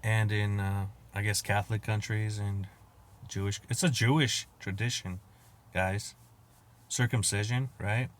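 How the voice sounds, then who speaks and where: A man hosting a podcast, riffing in a crude, profane monologue, laughing at his own jokes and acting out quotes with loud outbursts. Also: on the low side, steady tone, a little slow. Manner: acts out quoted exchanges with sudden loud outbursts. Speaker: podcast host. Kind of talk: casual comedic monologue.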